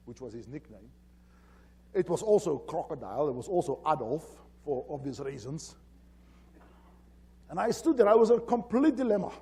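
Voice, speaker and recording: Animated storytelling man at a conference. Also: sits high, brisk, slightly rough. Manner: animated, acts out dialogue. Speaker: conference keynote speaker. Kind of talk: storytelling presentation. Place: conference hall.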